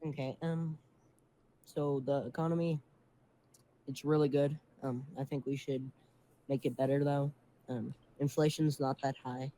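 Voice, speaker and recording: A man takes a guest spot on a game roleplay newscast and speaks quietly and hesitantly, filling gaps with ums. His tone is dark and mellow, and faint noise sits behind him. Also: medium pitch, little pitch movement, measured pace, long pauses, poor audio.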